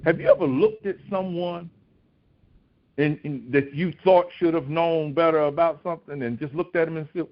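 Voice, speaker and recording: A man preaching a recorded devotional sermon, asking rhetorical questions and pushing his voice high when he acts out pleas. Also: very animated, normal speed, vocal fry. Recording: dull lo-fi recording.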